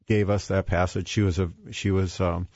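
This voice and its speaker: A man's voice: sits low, little pitch movement, moderate pace, darkish tone, no echo. A man guest talking about faith in a hesitant way, with many fillers and restarts. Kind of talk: faith-based conversation. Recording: dull, dry lo-fi sound.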